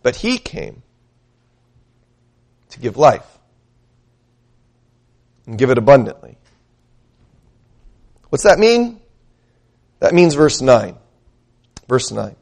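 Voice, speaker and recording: A man's voice: mid-range voice, very animated, gravelly, a little mellow. A male pastor preaching a sermon, emphatic, asking his listeners questions and reading scripture aloud. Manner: emphatic, asks the congregation questions; reads scripture aloud slowly.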